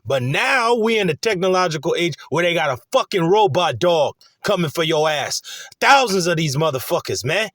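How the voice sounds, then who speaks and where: Man, fairly high voice, dry close sound; profane, rambling, excitable preacher. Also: moderate pace, no room sound. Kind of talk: profane casual sermon.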